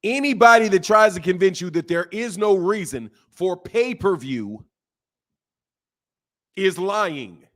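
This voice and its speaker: A man giving a casual boxing commentary rant, animated and full of repeated rhetorical questions. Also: sits high, measured pace, long pauses.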